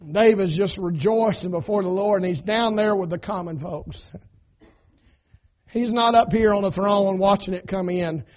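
A male pastor preaching a sermon, retelling scripture in folksy everyday words and swinging from loud to hushed. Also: high voice, moderate pace.

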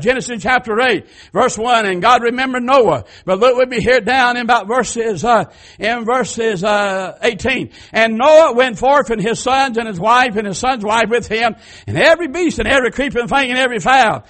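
High-voiced preacher man. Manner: fervent, rising to shouted cries then dropping to soft folksy asides. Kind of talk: sermon.

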